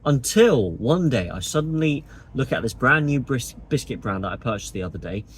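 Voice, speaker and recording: A man's voice: mid-range voice, big pitch swings, normal speed, a little hiss or hum. A man delivering a sarcastic, indignant opinion monologue to camera as a political vlogger.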